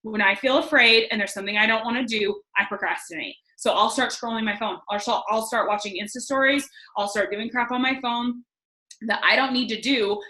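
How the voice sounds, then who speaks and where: A woman's voice: on the high side, fairly quick, sharp tone. A young woman giving a casual motivational talk on a team call, enthusiastic and chatty, with many "like" fillers. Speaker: guest speaker on a team call. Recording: echoey room.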